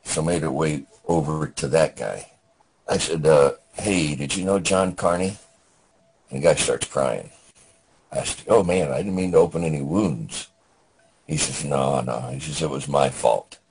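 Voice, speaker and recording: An older man, a veteran guest, telling his war memories in a halting, plainspoken way with many restarts. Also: rumbling low, darkish tone, slight background noise, low-quality recording.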